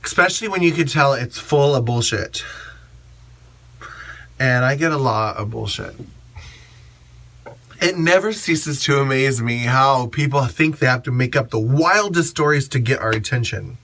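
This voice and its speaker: A man who works as a drag performer and MC, giving blunt, sassy advice and acting out gushing fans in shrill voices. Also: animated, normal speed, long pauses, pushed and bright. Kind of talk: casual advice monologue.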